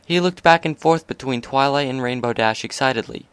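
A man narrating a fan fiction story aloud in a steady, even delivery. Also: mid-range voice, a little fast, smooth, no echo.

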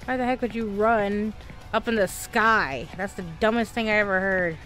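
A woman's voice: mid-range voice, normal speed, fairly bright tone, faint music behind. Chatty Southern woman gaming streamer. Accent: Southern American. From Texas, USA. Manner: chatty, exclaiming, talks to herself. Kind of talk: live gameplay commentary.

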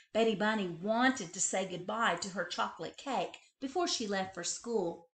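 A librarian woman reading a picture book aloud with expressive, animated storytelling. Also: mid-range voice.

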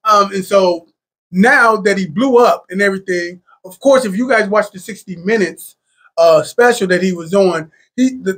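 Man, high voice, podcast host, animated casual talk, lots of fillers. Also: slightly rough. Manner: animated, enthusiastic, with many fillers.

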